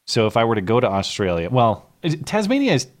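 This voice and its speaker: A man's voice: medium pitch, wildly swooping pitch, fast talker. A man hosting a live call-in show, chatting casually with callers and making sarcastic asides. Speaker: show host.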